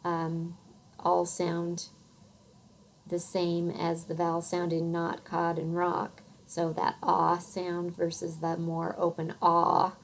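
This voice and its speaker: A middle-aged woman with a Western American accent gives a recorded phonics lecture. Her voice sits a little low, and she speaks very slowly, pausing with soft fillers as she explains. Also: completely flat delivery, vocal fry, slight background noise, rough recording. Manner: unhurried, thoughtful, many soft fillers. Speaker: teacher.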